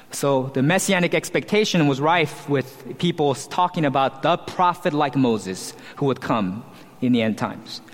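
Man preaching in a reverberant hall. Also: a little high. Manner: expository teaching, emphatic verse-by-verse explanation. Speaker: pastor. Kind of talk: sermon.

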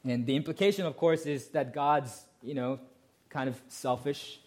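A man's voice: mid-range voice, normal speed, a little mellow. Emphatic male pastor preaching. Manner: explanatory, emphatic, asks rhetorical questions. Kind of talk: sermon.

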